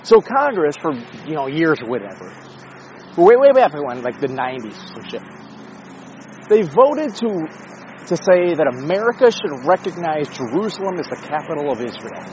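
A man's voice: fairly high pitch, big pitch swings, moderate pace, dull audio, slight background noise. A man rambling and swearing in a casual monologue while walking his dog outdoors, joking at his own expense. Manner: rambling, profane, self-mocking, talks to his dog. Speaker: vlogger. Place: outdoors on a neighborhood street.

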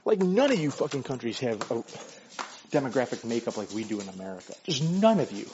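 A man's voice: mid-range voice, big pitch swings, a little fast, darkish tone, slight background noise. A man delivering a blunt, profane, argumentative monologue while walking his dog. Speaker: vlogger. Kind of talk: casual ranting monologue. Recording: dull lo-fi recording.

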